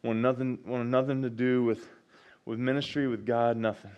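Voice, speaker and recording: A man's voice: mid-range voice, normal speed, highs cut off. A male pastor preaching a sermon, reading scripture and repeating key phrases with rising enthusiasm. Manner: preaching with rising excitement and repetition.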